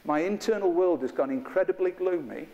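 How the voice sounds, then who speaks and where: A man's voice: sits high, expressive, a little fast, long reverb tail, muffled recording. A middle-aged man, leading an interactive workshop with a live group in a chatty, playful, self-mocking way. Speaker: workshop trainer. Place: training room with a live group.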